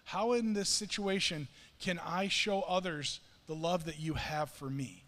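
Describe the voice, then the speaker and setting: A man's voice: fairly high pitch, measured pace, a bit bright. A middle-aged man preaching a sermon in a church, in an earnest, conversational and self-deprecating way. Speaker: pastor. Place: church sanctuary. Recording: long hall reverb.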